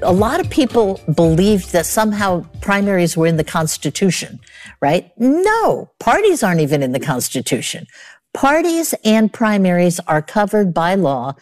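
A woman's voice: on the low side, very animated, moderate pace, a little mellow, faint music behind. A woman arguing her side in a formal debate, emphatic and assertive.

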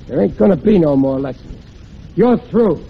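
A gruff, blustering family man with a fairly high voice, puffing himself up with tough talk. It comes through a muffled, hissy old radio broadcast. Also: expressive, moderate pace. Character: blustering working-class husband and father. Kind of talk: 1940s radio comedy acting.

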